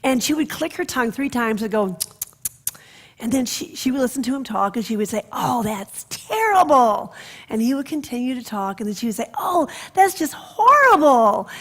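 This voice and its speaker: A woman minister giving a sermon, telling stories in an expressive way that drops to soft, hushed passages. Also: a little high, quick pace.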